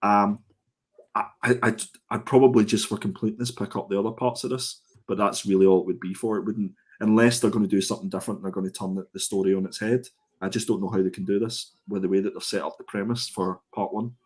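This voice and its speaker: A man's voice: on the low side, fairly even intonation, fast, a little mellow, slightly rough. A man co-hosting a casual comic review show, thoughtful and hesitant, often restarting his sentences. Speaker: co-host.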